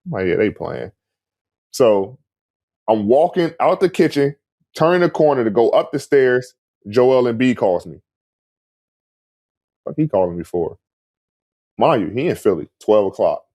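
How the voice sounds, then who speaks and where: A man's voice: mid-range voice, a little slow, long pauses, no room sound. A man casually telling a story, acting out quoted dialogue with lots of "like" and "man". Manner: animated, acts out quoted dialogue, frequent "like" and "man". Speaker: guest recounting a story.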